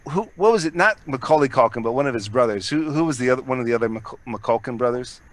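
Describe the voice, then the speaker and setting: A man's voice: medium pitch, lively intonation, fast talker, few pauses. A man co-hosting a podcast, rambling in casual chat, swearing a lot and restarting his sentences. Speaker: podcast co-host.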